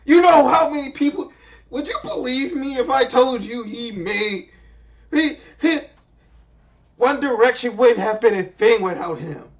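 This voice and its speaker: A young man reacting to clips in casual, profane commentary, excitable and stumbling over his words. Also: very high-pitched, moderate pace. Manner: excitable, profane, stammering and restarting. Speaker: reaction video host.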